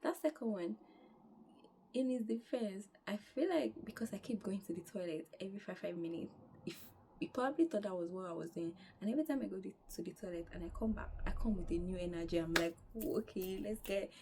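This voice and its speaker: A young woman recounts her travels in a chatty, animated vlog, tired after her trip. She talks outdoors at an ordinary mid pitch. Faint outdoor ambience hums in the background. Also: brisk, noisy background. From Nigeria. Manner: animated, chatty, acts out quoted dialogue. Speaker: travel vlogger. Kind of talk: casual storytelling vlog.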